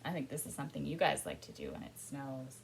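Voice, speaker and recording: Animated woman leading a kids' storytime. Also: very deep voice, fast talker, gravelly, slight background noise, rough recording. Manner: expressive, swings between loud calls and soft whispers. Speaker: children's storytime leader. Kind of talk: interactive storytime reading for young children.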